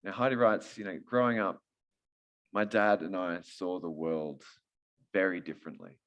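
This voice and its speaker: A man giving a sermon, talking in a joking, conversational way with a very deep voice. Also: fairly even intonation, normal speed, fairly bright tone. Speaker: preacher.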